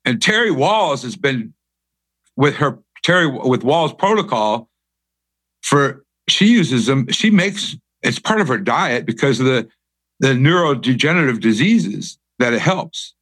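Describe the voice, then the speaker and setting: Lively, stumbling male host. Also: medium pitch, unhurried, breathy edge, dry recording. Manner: enthusiastic, stumbling, asks questions. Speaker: podcast host. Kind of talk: conversational interview.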